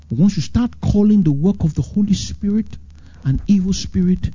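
A man delivers a sermon as pastor, swinging between high, urgent emphasis and low, slow phrases. His voice sits a little above average for a man, mellow and slightly husky. The recording is muffled and lo-fi. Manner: animated preaching, swings from high emphatic lines to low drawn-out ones.

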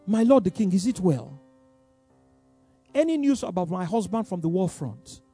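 A man voicing a young married woman who politely refuses a king's advances, speaking softly and hesitantly. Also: sits high, sing-song, normal speed, slightly rough, faint music behind, pitched below the performer's own voice, heavily acted. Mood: pleading.

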